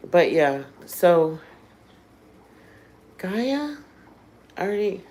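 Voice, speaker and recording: A woman's voice: lowish voice, expressive, unhurried, darkish tone, low-quality recording. A woman hosting a livestream, talking candidly and emotionally straight to her viewers in a casual way. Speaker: livestream host.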